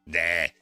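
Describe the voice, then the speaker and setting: A man's voice: sharp tone, no room sound. A man streaming live, chatting casually and getting flustered while fixing his audio settings. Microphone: new desk microphone.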